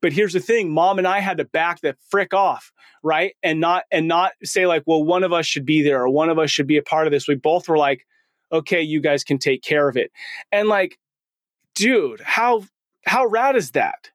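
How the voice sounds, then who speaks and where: A man's voice: on the high side, steady tone, fairly quick, no room sound, studio quality. A man in his forties hosting a podcast, talking in a casual, slangy and enthusiastic way. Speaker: podcast host.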